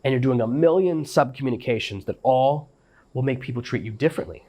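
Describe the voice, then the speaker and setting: A man's voice: mid-range voice, fairly quick, mellow. A middle-aged man hosting a podcast, giving an instructional monologue with emphatic, repeated phrases. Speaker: podcast host.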